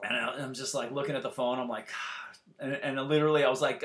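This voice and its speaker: A man in his forties telling a story in casual chat, animated and profane, acting out the quotes. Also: mid-range voice, fast talker. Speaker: musician guest telling a story.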